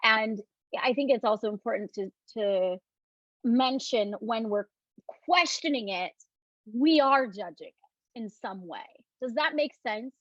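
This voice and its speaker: A woman hosting a casual live talk on self-love, speaking gently and reflectively and reading out viewer comments. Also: on the high side, unhurried, no room sound, dull audio. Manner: gentle, reflective, often mimics questioning tones.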